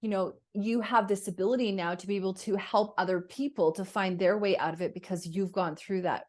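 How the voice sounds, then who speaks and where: A woman's voice: medium pitch, fairly even intonation, fairly quick, darkish tone. A woman hosting a podcast, chatting reflectively and asking her guest questions, with plenty of fillers. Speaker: podcast host. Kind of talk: conversational interview.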